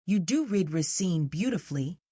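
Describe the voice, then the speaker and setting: Woman reading a soft-spoken dreamy lady. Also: on the low side, animated, moderate pace, husky, dry recording, studio quality. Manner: soft and absent.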